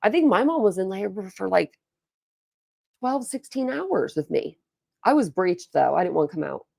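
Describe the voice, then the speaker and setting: A woman's voice: mid-range voice, very animated, moderate pace, vocal fry, a little mellow, dry recording, studio quality. A young woman hosting a livestream, telling rambling stories in a chatty, casual way and replying to her chat. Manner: rambling storytelling, chatty, reads and answers chat. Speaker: livestream host.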